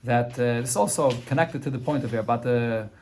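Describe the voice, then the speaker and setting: A man's voice: medium pitch, a little fast, a little mellow. A man teaching a daily Talmud class, translating phrase by phrase and often restarting mid-sentence.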